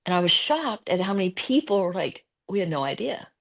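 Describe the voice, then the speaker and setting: A woman's voice: mid-range voice, a little fast, creaky. A woman, a business executive as interview guest, telling a story casually and acting out the conversations she quotes. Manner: animated, retells conversations in quoted voices.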